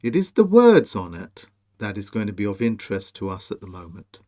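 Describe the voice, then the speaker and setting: A man presenting a monologue over on-screen images, slow, emphatic and commanding as he speaks straight to the viewer. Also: fairly low pitch, wildly swooping pitch, mellow. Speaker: video presenter.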